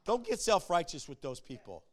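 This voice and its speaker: A male pastor preaching to a congregation, emphatic and animated, swinging between loud shouts and hushed, near-whispered passages. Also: a little high, normal speed. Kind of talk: sermon. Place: church before a congregation.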